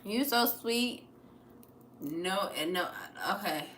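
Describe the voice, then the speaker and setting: A young American woman hosting a casual livestream, animated and profane, swinging between mutters and loud bursts. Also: mid-range voice, slow pace, roomy sound, a little hiss or hum. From United States. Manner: profane, playful. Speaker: livestream host.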